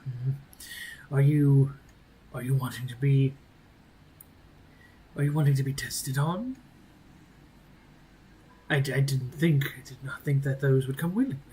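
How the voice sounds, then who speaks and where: A man's voice: medium pitch, measured pace, long pauses, warm tone, a little hiss or hum, lightly acted. A man doing a mumbling, muddled old lich. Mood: suspicious. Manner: stammering, mumbling half-whispered. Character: old undead male elf lich, muddled and rambling.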